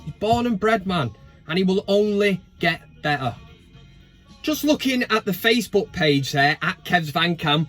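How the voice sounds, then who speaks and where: A man's voice: high voice, lively intonation, measured pace, a bit bright, faint music behind. A man hosting a casual football chat vlog, full of jokey banter and swearing. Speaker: host.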